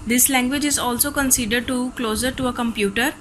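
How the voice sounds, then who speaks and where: Bright-voiced woman teacher, Pakistani accent. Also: fairly high pitch, fairly even intonation, brisk, a little hiss or hum, poor audio. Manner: reads steadily from textbook notes. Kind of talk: recorded class lecture.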